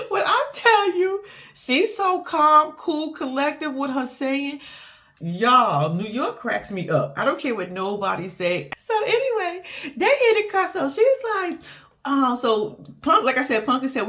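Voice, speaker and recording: A woman's voice: a little high, measured pace. A woman recapping a reality show in casual, profane chat, laughing often and acting out what people said. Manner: animated, profane, laughs often, acts out quotes.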